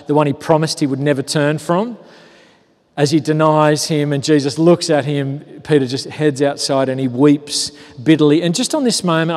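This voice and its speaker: A pastor delivering a sermon in a casual, storytelling way, full of rhetorical questions. His voice sits slightly high, moving between lively stretches and quiet, hushed ones. The room is a large hall that leaves a long reverb trailing after his words.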